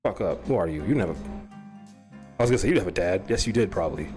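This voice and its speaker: A man's voice: deep voice, animated, a little fast, a little mellow, faint music behind. A man hosting a casual talk show, rambling, swearing and laughing often. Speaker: host.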